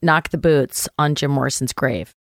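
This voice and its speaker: A woman actress telling a story as a guest in a chat interview, animated, acting out the voices of people she quotes and swearing casually. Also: extremely low pitch, moderate pace, no echo, clean studio sound.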